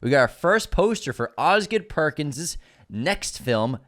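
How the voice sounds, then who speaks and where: A man's voice: on the high side, sing-song, unhurried, a bit bright. A man co-hosting a podcast, chatting casually about movie news with enthusiasm and frequent restarts. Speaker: podcast co-host.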